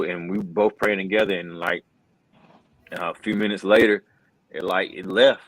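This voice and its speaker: Middle-aged male interview guest, very deep voice, earnest and casual, lots of "bro". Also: steady tone, normal speed, fairly bright tone, no echo, rough recording. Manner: earnest, says "bro" and "man" a lot, many restarts. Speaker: wrestling commentator, interview guest. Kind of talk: casual conversational storytelling.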